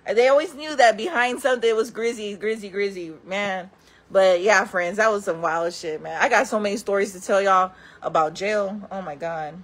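A woman vlogger telling wild stories in casual talk, laughing often, calling her viewers friends and acting out other people in loud voices. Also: mid-range voice, normal speed. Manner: acts out quoted people in loud raised voices.

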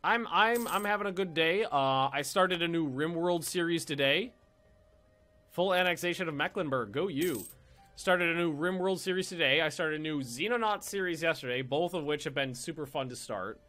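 A man's voice: on the high side, moderate pace, bright, forceful tone, soft background music. A man casually commenting as he plays a strategy game on stream, chatty and playful, swearing and repeating himself as he thinks. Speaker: let's play streamer.

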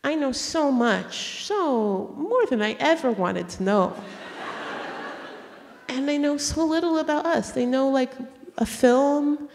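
A woman with a fairly high voice tells stories on stage, animated and laughing, and she acts out every person she quotes. Her voice carries a long reverb from the public hall. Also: slow pace, vocal fry. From United States. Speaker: author in conversation. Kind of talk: storytelling conversation on stage. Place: auditorium stage.

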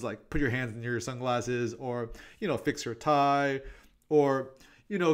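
A man presenting tips on street photography in a relaxed, chatty way. He talks quickly and tells his stories with plenty of "um" and "I'm like", at a middle pitch. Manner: chatty and quick, with many fillers and "I'm like" asides. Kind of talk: casual presentation with anecdotes.

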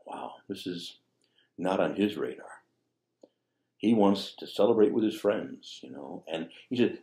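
In an echoey room, a priest delivers a sermon in a conversational way, throwing in rhetorical asides. His voice is low, mellow and animated, and he takes his time.

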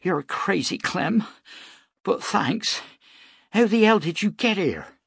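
Man putting on a fierce frontier woman, high and urgent, husky edge. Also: expressive, takes it slowly, fairly bright tone, no echo, clean studio sound, heavily acted. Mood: relieved. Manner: urgent and blunt.

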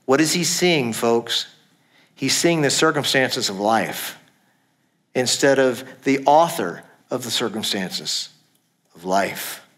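A man's voice: medium pitch, animated, slow, fairly bright tone. A middle-aged male pastor preaching a sermon in a conversational way, laughing now and then and correcting himself as he reads scripture aloud.

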